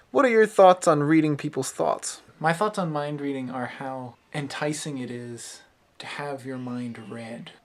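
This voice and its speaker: A man's voice: medium pitch, a little hiss or hum. A young man speaking in a middle-range voice, mulling ideas over in a loose, rambling way. He talks casually to a camera mic in an unscripted vlog. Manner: thoughtful, rambling.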